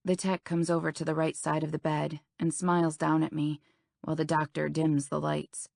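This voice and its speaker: Low gravelly young woman narrating a romance. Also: level tone, moderate pace, darkish tone, no room sound, studio quality. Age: young adult. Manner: intimate, anxious first-person telling. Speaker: audiobook narrator. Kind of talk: first-person romance audiobook narration.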